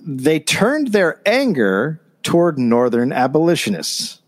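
A man's voice: fairly high pitch, wildly swooping pitch, slow pace. A man co-hosting a comedy history podcast, reading from notes and adding dry, sarcastic asides. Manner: reads notes, then riffs with dry sarcasm.

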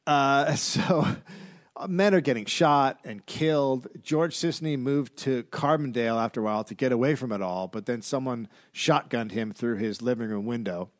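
A man's voice: medium pitch, normal speed, dry recording. A man co-hosting a comedy history podcast, telling the story from his research notes with dry asides and frequent "uh"s. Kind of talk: casual comedic history chat.

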